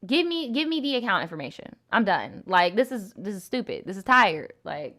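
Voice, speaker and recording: A woman's voice: medium pitch, big pitch swings, normal speed, sharp tone. A young woman hosting a live advice stream, talking bluntly and animatedly with plenty of swearing. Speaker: live advice show host.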